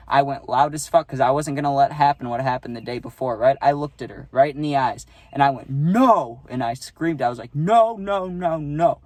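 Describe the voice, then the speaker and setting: A man's voice: mid-range voice, a little mellow, no echo. A young adult man telling a casual storytime, rambling and profane, often tagging on "right?".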